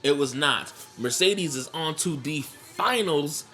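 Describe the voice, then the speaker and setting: Man, casual reaction commentary, excitable and profane, bright, slow delivery. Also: on the high side, soft background music. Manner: excitable, laughs often, swears freely. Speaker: wrestling reaction vlogger.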